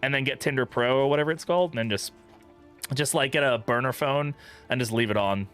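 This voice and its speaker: Bright-voiced young man, profane gameplay chat. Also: medium pitch, brisk, soft background music. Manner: chatty, profane, laughs often. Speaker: gaming streamer. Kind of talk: casual let's-play commentary.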